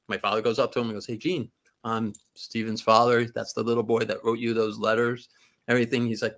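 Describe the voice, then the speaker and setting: A man's voice: medium pitch, steady tone, brisk, fairly bright tone. A man co-hosting a casual talk show, rambling through joking anecdotes. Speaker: podcast co-host. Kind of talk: casual chat, storytelling.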